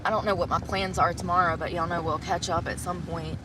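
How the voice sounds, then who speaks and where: A woman's voice: lowish voice, a little fast. Chatty woman over road noise. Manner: rambling, chatty, addresses viewers as y'all. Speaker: livestream host. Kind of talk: casual live-stream chat. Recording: steady car road noise.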